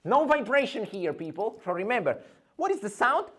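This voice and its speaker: A male English teacher giving an energetic pronunciation lesson, theatrical and drilling sounds over and over. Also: high-pitched, normal speed.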